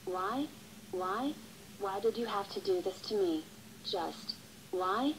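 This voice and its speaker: Text-to-speech woman reading a distressed cartoon doll; flat pleading, audible noise behind. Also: mid-range voice, slow. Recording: clear background noise.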